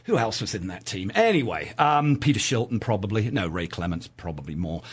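Rambling, animated middle-aged host. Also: male voice, lowish voice, a little fast, slightly rough. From southern England. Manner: rambling, opinionated, with fillers. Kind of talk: casual chat.

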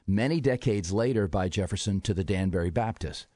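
A man appearing as a history guest on a radio talk show, explaining in a measured way and posing rhetorical questions. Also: lowish voice, dark tone, no room sound, studio quality. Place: radio studio.

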